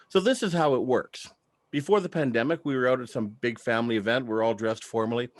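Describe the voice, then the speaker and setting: A man's voice: medium pitch, no room sound. A man in his thirties doing a stand-up comedy set, telling chatty stories with act-outs.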